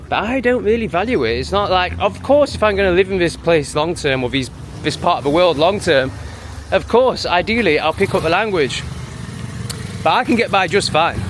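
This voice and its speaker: A man's voice: fairly high pitch, a bit bright, slight background noise. Sneering man vlogging outdoors. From England. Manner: dismissive, sneering. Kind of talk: walking vlog monologue.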